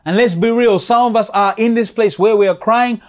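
A male preacher with a high voice delivers a fervent sermon. He repeats phrases and trips over words, swinging from ringing calls down to quiet, low asides. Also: a little fast. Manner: passionate, repetitive, rises to calls then drops low and soft; frequent stumbles and repeated words.

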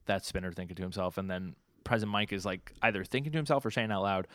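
A young man with a fairly low voice talks through a comic chapter on a podcast. He rambles loosely and keeps correcting himself. His voice sounds dry and close, with no room sound. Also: fast talker, few pauses, a bit bright, no echo. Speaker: podcast co-host. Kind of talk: casual chat recapping comics.

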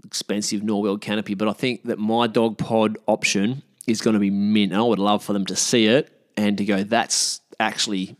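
A man's voice: on the low side, little pitch movement, fairly quick, no room sound, studio quality. An Australian man hosting his own podcast, chatting casually and frankly with lots of restarts. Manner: rambling, frank, many restarts and fillers. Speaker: podcast host. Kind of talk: casual solo podcast chat.

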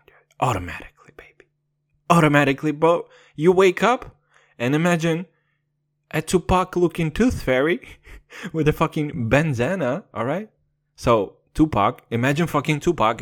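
Playful foul-mouthed man, lively pitch. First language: not English. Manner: profane, playful mock-gangster bravado; dips into a put-on deep voice. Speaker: podcast host. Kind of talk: comedic podcast monologue.

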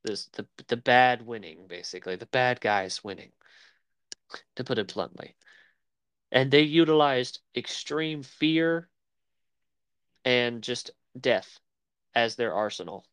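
A man's voice: mid-range voice, animated, slow, pauses often, a bit bright, clean tone, dry recording. Man rambling about films on a dry mic. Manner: rambling, searching for words. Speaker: podcast co-host. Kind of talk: casual chat about film.

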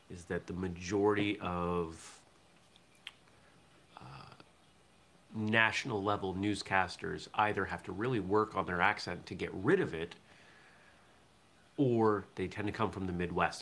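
Bright-voiced man hosting a morning chat. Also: sits low, a little hiss or hum. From southern Maine, US. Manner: relaxed, chatty, reads viewer comments aloud. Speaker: host of a morning live show. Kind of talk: casual live-stream chat.

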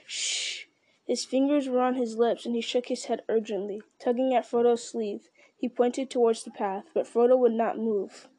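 A woman reading a fantasy novel aloud in a steady, measured voice, with the odd slip and restart. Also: a little high, dry recording. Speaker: audiobook reader. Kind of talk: storybook narration.

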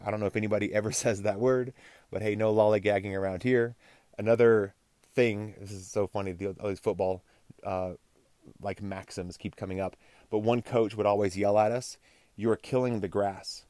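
A man's voice: fairly low pitch, little pitch movement, fairly quick, mellow, no room sound. Casual rambling male podcast host. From Texas. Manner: casual, rambling, self-deprecating. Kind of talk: solo podcast monologue.

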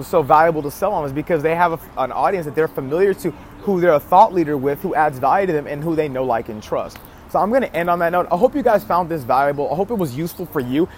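A man's voice: a little high, slight background noise. A man talking to his viewers in a casual vlog about marketing, emphatic, with key phrases repeated and frequent restarts. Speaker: marketing vlogger. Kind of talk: casual marketing advice talk to camera.

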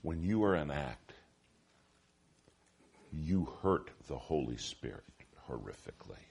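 A man preaching a sermon in an auditorium, telling stories with lively swings from hushed to loud. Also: a bass voice, unhurried, creaky, husky. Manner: animated storytelling, shifting from hushed to loud.

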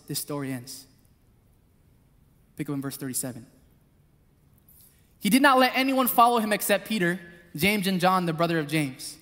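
A man preaching a sermon, passionate, moving between loud appeals and hushed storytelling. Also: high voice. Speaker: pastor. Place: church hall. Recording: long hall reverb.

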